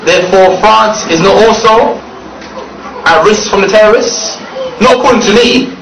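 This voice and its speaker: A man's voice: high voice, moderate pace, fairly bright tone. A man preaching to an audience in a mocking tone, laughing often as he speaks. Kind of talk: public speech. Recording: echoey, distant, noisy recording.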